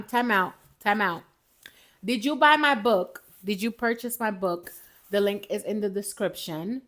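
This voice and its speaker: A woman hosting a casual motivational podcast. She is chatty and lively, talks straight to her viewers and sips coffee as she goes. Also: on the high side. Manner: sips coffee while talking. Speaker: podcast host.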